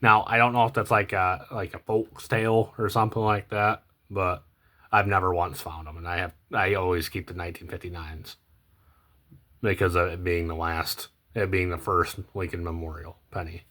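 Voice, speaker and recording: A young man talking casually about coins as he sorts them, rambling and hesitant with many ums and self-corrections, often trailing off quietly. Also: flat delivery, normal speed. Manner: low-key, trails off quietly at phrase ends. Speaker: coin collecting vlogger. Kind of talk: casual unscripted commentary while sorting coins.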